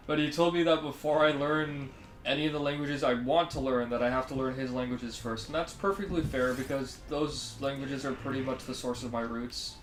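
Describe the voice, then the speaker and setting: A man's voice: medium pitch, fairly bright tone, a little hiss or hum. A man with a Canadian accent, chatting casually on a live stream and answering his viewers in a friendly, easygoing way. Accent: Canadian English. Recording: roomy sound with faint music.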